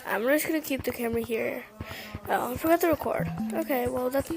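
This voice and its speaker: A woman's voice: high voice, takes it slowly, pauses often, music in the background. A woman giving casual, chatty gameplay commentary, exclaiming and giggling to herself as she plays. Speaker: gaming vlogger.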